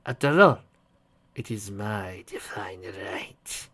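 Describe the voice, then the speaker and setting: A man voicing a cruel, menacing villain in a slow, quiet drawl. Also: lowish voice, breathy edge, pitched below the performer's own voice, full character voice. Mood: gloating. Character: cruel male villain, cold, menacing, foreign-sounding.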